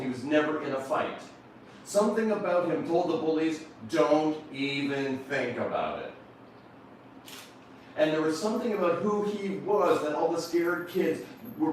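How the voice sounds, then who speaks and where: A middle-aged man giving a motivational seminar talk to a live audience, telling a story and slowing down to stress his key lines while calling out to the crowd. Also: on the high side, slight background noise. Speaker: motivational speaker. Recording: very echoey room, voice picked up from a distance, faint background ambience.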